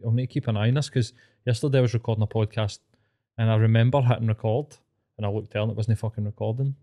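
A man's voice: on the low side, fairly even intonation, quick pace, mellow. A man with a Scottish accent co-hosting a podcast, trading jokey, sweary banter. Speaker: podcast co-host. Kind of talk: casual podcast chat. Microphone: podcast mic.

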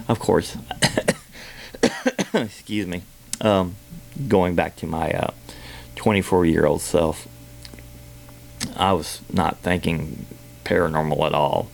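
A man hosting a podcast, telling a personal story in a halting way with many fillers and restarts. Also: sits low, steady tone, gravelly, slight background noise. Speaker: podcast host.

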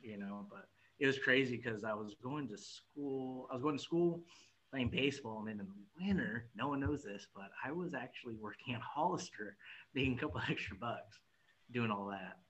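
A man's voice: medium pitch, moderate pace, fairly bright tone, muffled recording. A young man from California's Central Valley, a podcast guest talking in a loose, rambling way and laughing often. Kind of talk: casual chat.

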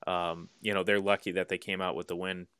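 A man co-hosting a sports podcast, talking in an animated way and repeating words as he restarts. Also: low-pitched, fairly quick, smooth, no room sound. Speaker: podcast co-host. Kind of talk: casual sports talk.

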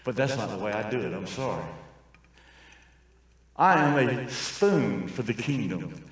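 An older man preaching a sermon in a raw, folksy style, swinging between quiet asides and shouting. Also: mid-range voice, lively intonation, measured pace. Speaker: traveling preacher. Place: large church hall. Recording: very echoey church sanctuary, distant mic.

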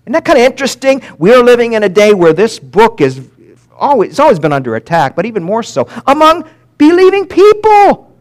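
A man preaching a sermon as pastor, swinging from loud emphatic peaks to quiet drops and slowing down to read scripture aloud. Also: extremely high pitch. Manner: animated preaching, rising and dropping sharply for emphasis.

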